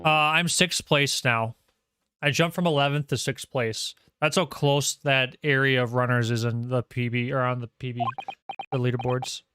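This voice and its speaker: A man's voice: mid-range voice, normal speed, clear, resonant tone, no echo, studio quality. A man streaming a game, chatting animatedly with viewers in casual commentary. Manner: chatty, animated, talks to chat.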